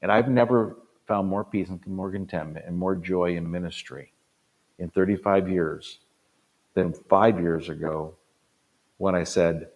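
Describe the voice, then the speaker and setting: An older man with a very low, deep voice gives an earnest motivational talk as a pastor. He drives points home by repeating phrases, jumping from loud bursts down to near-quiet asides. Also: fairly even intonation, measured pace, lo-fi sound. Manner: swings between loud punches and quiet drops. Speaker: pastor and conference speaker.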